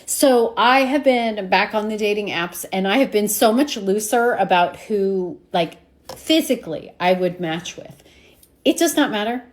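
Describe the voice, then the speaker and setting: A woman's voice: mid-range voice, measured pace. A woman chatting in a confessional vlog, venting about her love life with self-mocking humor.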